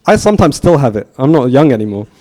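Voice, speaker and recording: A man's voice: medium pitch, big pitch swings, quick pace, dark tone. A man in his thirties giving a storytelling sermon, chatty and asking his listeners questions. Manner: chatty, asks the audience questions. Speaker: speaker giving a temple talk.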